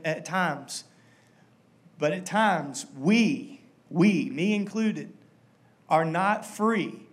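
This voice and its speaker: A man preaching a sermon as pastor, stressing key words slowly and breaking into quick asides, leading the congregation to repeat phrases. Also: high voice. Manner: emphatic, leads congregation in call-and-response.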